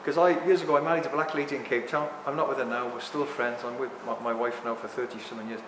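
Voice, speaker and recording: A man in his sixties talking to a live audience in a rambling, animated way, often apologizing for ranting. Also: mid-range voice, fast talker, noisy background. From England. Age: 60s. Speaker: speaker at a talk. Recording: echoey hall with long reverb.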